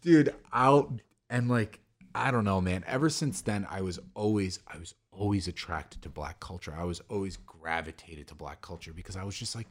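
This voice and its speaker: A man's voice: sits low, moderate pace. A young man co-hosting a casual podcast, rambling through stories with lots of swearing and fillers. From New York, the Bronx. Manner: rambling storytelling, crude swearing, many fillers. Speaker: podcast co-host. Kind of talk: casual drinking-podcast chat.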